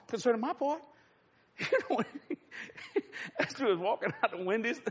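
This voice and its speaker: Man, preacher, sermon storytelling, high voice, very animated pitch. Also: a little slow, breathy edge. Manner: animated, laughing storyteller with sudden hushed drops.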